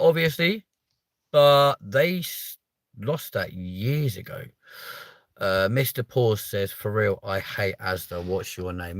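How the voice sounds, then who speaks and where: A man's voice: fairly low pitch, fairly bright tone, no echo. A British man in his thirties hosting a livestream, chatting casually with viewers and reading their comments, playful and mock-offended, swearing casually. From United Kingdom. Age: 30s. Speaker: livestream host.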